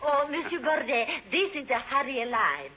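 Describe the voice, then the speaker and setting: A woman's voice: high-pitched, big pitch swings, normal speed, sharp tone, exaggerated voice. An actress playing a nervous, scheming young woman, in an old radio drama. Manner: nervous and urgent. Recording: muffled old radio broadcast.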